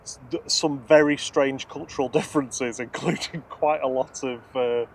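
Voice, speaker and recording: A man's voice: mid-range voice, steady tone, normal speed, vocal fry, a little hiss or hum. A man hosting a live stream, chatting and reading out flight numbers and viewer comments. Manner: reads out flight numbers and registrations matter-of-factly; chats and reads viewer comments aloud. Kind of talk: casual live plane-spotting commentary.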